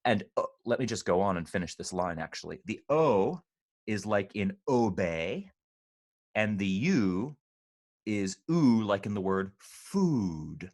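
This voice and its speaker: A man leading an online choir rehearsal, patiently explaining pronunciation and slowly demonstrating sounds. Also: on the low side, big pitch swings, a little mellow. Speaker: choir director.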